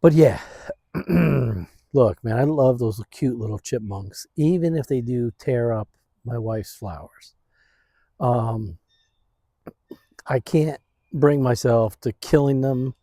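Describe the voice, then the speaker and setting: Slow easygoing man, casual vlog chat, mellow voice, dry outdoor sound, phone on a stand. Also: medium pitch, no echo. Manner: laid-back, rambling, says "man" and "dude" a lot. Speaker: vlogger. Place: outdoors in his backyard.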